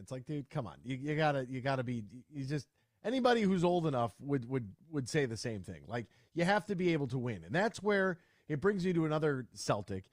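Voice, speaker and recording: A man hosting a sports talk radio show, energetic and playful, bantering with a guest. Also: fairly high pitch, fairly quick, no echo, studio quality. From Michigan. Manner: energetic, lively, playful with quoted voices. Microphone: studio radio mic.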